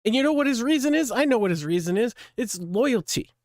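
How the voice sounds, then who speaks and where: A man's voice: very high-pitched, lively intonation, brisk, no echo, clean studio sound. A man hosting his own channel, scolding someone bluntly in a profane, ranting commentary. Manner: blunt, scolding, heavy swearing. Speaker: channel host.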